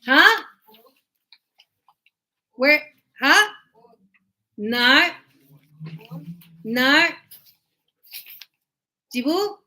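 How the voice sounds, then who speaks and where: Woman english teacher in a classroom, high pitched, slow and clear, playful with students. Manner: animated, teasing, acts out student replies. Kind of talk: classroom grammar lesson.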